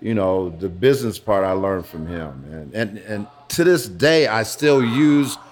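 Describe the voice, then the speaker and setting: A man in his fifties, interviewed in a pizza restaurant, telling his story haltingly and often restarting phrases. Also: lowish voice, lively intonation, darkish tone. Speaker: interview guest.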